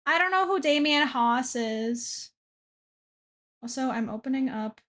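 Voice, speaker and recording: A woman's voice: high voice, lively intonation, a little slow, a bit bright. A young woman streamer chatting casually to her chat from a dim room at her desk, self-deprecating and trailing off with fillers.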